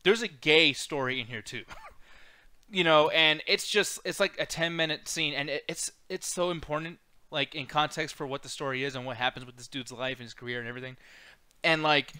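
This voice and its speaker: Bright-voiced ranting man. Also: a little high, brisk, smooth, no room sound. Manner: animated, profane, ranting. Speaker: podcast co-host. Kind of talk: casual movie review chat.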